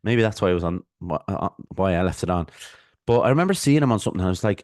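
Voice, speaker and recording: Irish male podcast host, low voice, opinionated rambling solo rant, dry close sound. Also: animated, fast talker, a little mellow, no echo. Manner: opinionated, rambling, self-mocking. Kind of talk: solo ranting monologue. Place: apartment.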